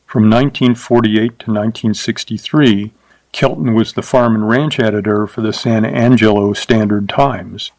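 A man's voice: fairly low pitch, a little mellow, no room sound. Man reading a story aloud, dry sound. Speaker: narrator.

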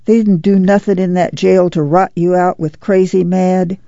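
Woman reading an earnest farm mother, slow folksy dialect, gravelly, mellow, dull lo-fi recording. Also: fairly low pitch, steady tone, dry recording. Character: worn rural farm mother, earnest, anxious, plainspoken.

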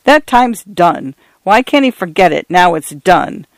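Irritable father figure, read by a man, curt, quick, fairly high voice, dry recording. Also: animated, no echo. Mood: angry. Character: stern irritable grown ranch father.

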